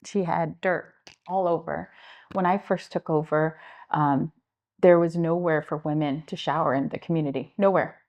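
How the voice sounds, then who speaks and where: A middle-aged woman with a Midwestern American accent, speaking in a fairly low voice. She tells stories earnestly as an interview guest and acts out the people she quotes. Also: moderate pace, highs cut off. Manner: earnest, animated retelling with acted-out quotes. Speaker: guest, homeless services director. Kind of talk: interview storytelling.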